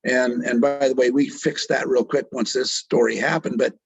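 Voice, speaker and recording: A man's voice: medium pitch, fairly even intonation, moderate pace, vocal fry, lo-fi sound. A middle-aged man, a doctor and author, telling a story in an interview with earnest feeling and acting out the voices of the people in it. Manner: vivid retelling that acts out quoted speech; earnest, emotionally moved.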